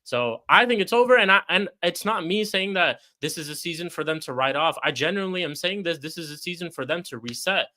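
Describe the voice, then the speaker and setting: A man co-hosting a football podcast, arguing his point in a deliberate, repeating way. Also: a little high, expressive, pushed and bright. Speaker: podcast co-host. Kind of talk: casual football debate.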